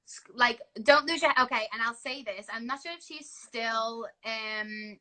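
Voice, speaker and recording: A woman's voice: fairly high pitch, measured pace, sharp tone, rough recording. A woman joining a phone livestream as a guest, telling stories in a giggly, playful way. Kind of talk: casual livestream chat. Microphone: video call on a phone livestream.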